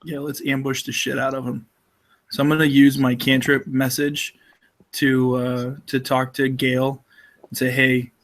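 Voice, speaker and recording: A man playing a tabletop game, talking casually with deadpan jokes. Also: medium pitch. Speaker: player.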